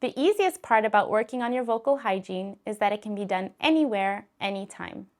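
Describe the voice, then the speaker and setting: A woman giving calm, clearly spoken scripted narration for an instructional voice-care video. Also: mid-range voice, a little fast.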